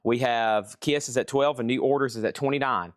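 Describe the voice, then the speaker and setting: A man running a live-stream record sale, calling prices and bids in brisk, chatty sales patter from an indoor shop. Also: medium pitch, no room sound, studio quality.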